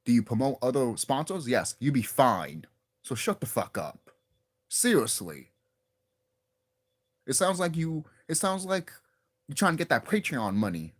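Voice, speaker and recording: A man's voice: medium pitch, big pitch swings, a little slow, pauses often. A young man ranting casually to his viewers as a wrestling vlogger, profane and exasperated, often restarting and repeating himself.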